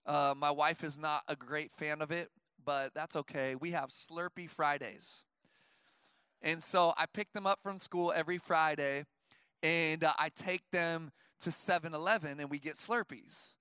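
High, bright-voiced preacher man. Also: measured pace, smooth, dry recording. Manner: preaches with rising intensity, then tells stories in a relaxed aside; conversational, with many fillers like "like" and "you know". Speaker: pastor. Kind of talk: sermon. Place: church service before a congregation.

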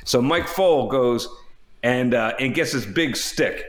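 An easygoing man with a mid-range voice tells an outdoor adventure story in relaxed conversation. He wanders, repeats himself and restarts phrases. He laughs at his own story. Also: mid-range voice, a little slow. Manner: rambling, self-interrupting storyteller, laughs often. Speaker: former astronaut, podcast co-host. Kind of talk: casual storytelling chat. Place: home by the water.

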